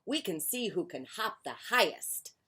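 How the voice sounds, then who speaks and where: A woman's voice: mid-range voice, big pitch swings, a little slow, fairly bright tone, breathy edge, exaggerated voice. A woman voicing a bouncy, eager rabbit in a picture book reading.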